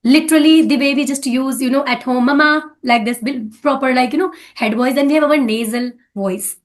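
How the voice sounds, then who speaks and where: A woman's voice: high voice, fairly quick. A woman with an Indian English accent, coaching in a casual talk about speaking English and often checking in with "right?".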